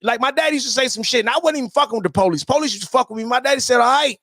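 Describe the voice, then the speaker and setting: A man's voice: very high-pitched, racing, fairly bright tone, no room sound, clean studio sound. A man ranting in a profane, preachy commentary stream, repeating himself as he quotes scripture and calls out other online personalities.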